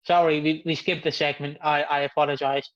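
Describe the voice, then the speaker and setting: A man's voice: on the high side, little pitch movement, a little fast. A man in his twenties co-hosting a podcast, chatting casually, rambling and joking. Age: 20s. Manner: rambling, joking, acts out quotes. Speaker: podcast co-host. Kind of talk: casual chat. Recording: dull lo-fi mic.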